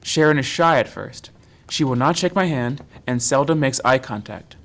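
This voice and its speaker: A man narrating as an interviewer in a measured, documentary-like tone. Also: medium pitch, lively intonation, fairly bright tone. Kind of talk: audio drama narration.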